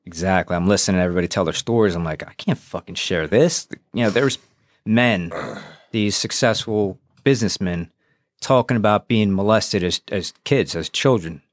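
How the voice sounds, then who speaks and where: A man with a low voice tells his story frankly and without polish, swearing and re-enacting old conversations. The sound is close and dry, with no room around it. He sounds like a guest speaking openly on a podcast. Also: a little fast, no room sound. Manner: frank and profane, re-enacts dialogue. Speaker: podcast guest, former police officer. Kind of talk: candid personal storytelling.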